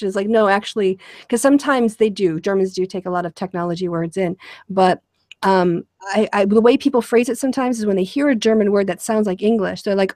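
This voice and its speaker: A woman's voice: medium pitch, fast talker, darkish tone, dry recording. A woman hosting a casual conversation, explaining ideas in a rambling way with lots of fillers and restarts. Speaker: show host.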